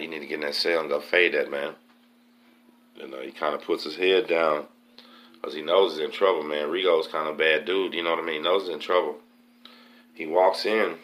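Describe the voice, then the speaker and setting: A man from Texas, hosting a podcast and telling a story in a streetwise, profane, animated way. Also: a bass voice. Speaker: podcast host. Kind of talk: casual storytelling.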